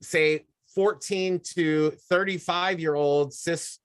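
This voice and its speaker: Animated man, guest in casual interview. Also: on the high side, slow, clean tone. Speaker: guest, wrestling manager and drag performer.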